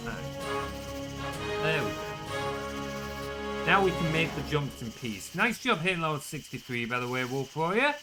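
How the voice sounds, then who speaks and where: A man's voice: fairly high pitch, sing-song, normal speed, pauses often, loud music behind the voice. A British man streaming a speedrun, chatting casually and swearing freely at his mistakes. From Britain. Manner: swears freely, grumbles at the game. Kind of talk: casual gaming stream chat.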